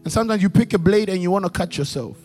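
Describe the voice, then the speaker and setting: A high-pitched male preacher delivering a sermon in a church, his voice trailing off into a long hall reverb. He drives points home by repeating lines and asking the congregation for answers, with soft music underneath. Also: racing. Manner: emphatic, repetitive call-and-response preaching. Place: church service.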